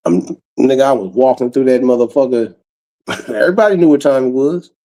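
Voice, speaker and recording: Gravelly-voiced man telling profane stories. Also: mid-range voice, fairly quick, rough recording. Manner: profane, animated, acts out quotes. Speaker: comedian storyteller. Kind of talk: casual comic storytelling.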